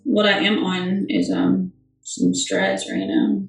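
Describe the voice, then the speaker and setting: Gravelly-voiced woman rambling on a livestream. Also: fairly low pitch, wildly swooping pitch, takes it slowly, far from the mic, faint music behind. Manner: chatty, rambling, many fillers. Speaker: livestreamer answering fan questions. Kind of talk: casual livestream chat. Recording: echoey room, off-mic.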